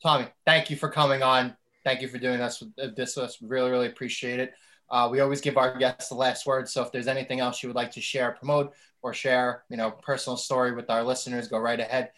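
A man's voice: medium pitch, level tone, fast, bright, forceful tone. Easygoing male podcast host. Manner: easygoing, many fillers and thanks. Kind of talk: casual interview chat.

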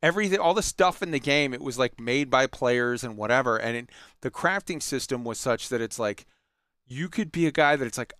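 A man chats about games in a loose, rambling way, full of fillers and the odd curse. His voice is smooth and clear. It sits at a middle pitch, recorded close and dry. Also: fairly quick, fairly bright tone, no room sound. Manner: rambling, profane, enthusiastic, many fillers and restarts. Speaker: gaming commentator. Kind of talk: casual chat.

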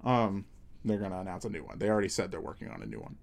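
Dude chatting on a podcast, cusses constantly, laughs a bunch. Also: male voice, deep voice, expressive, racing, gravelly. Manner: swears a lot, laughs often. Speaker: podcast host. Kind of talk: casual chat.

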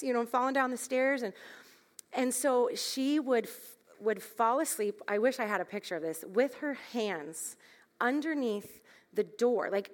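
A woman in her thirties gives a storytelling sermon, candid and self-deprecating, laughing at her own parenting mistakes. Her voice sits a touch high, and a long hall reverb trails behind every phrase. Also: fairly bright tone. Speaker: speaker at a church gathering.

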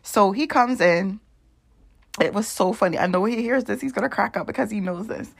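A young woman talking straight to her viewers in a loose, rambling vlog story. She is chatty and animated, with plenty of asides and laughs. Her voice sits in a middle range and has a gravelly, fried texture. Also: medium pitch, a little fast. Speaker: vlogger. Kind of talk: casual storytelling.

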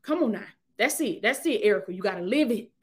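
A woman's voice: mid-range voice, animated, fast talker. A woman preaching a live-streamed sermon, urging listeners with repeated call-and-response phrases.

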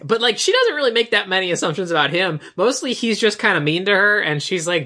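A man in casual chat, recapping a movie scene by scene and acting out the characters' lines in quick snippets. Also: sits high, animated, pushed and bright.

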